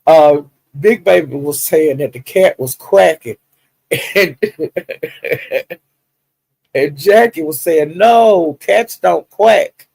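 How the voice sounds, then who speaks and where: A man with a gravelly, slightly raised voice tells gossip on a livestream. He chats loosely, laughs often and acts out the quotes. His voice sits close and dry on the mic, with no room sound. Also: on the high side, takes it slowly, pauses often, no echo, poor audio. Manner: animated, laughing storyteller who acts out quotes. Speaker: livestream commentator. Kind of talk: casual gossip commentary.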